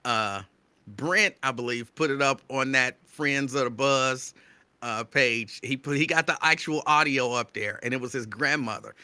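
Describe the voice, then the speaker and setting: Radio host, male, excitable near-yelling delivery, very bright voice, dry close mic. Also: medium pitch, moderate pace, smooth, no room sound. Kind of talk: live show shout-outs to listeners.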